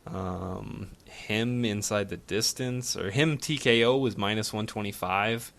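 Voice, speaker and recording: A man co-hosting a podcast, breaking down fights in a laid-back, measured way with frequent fillers. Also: on the low side, vocal fry, a bit bright. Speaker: podcast co-host. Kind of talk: casual sports betting chat.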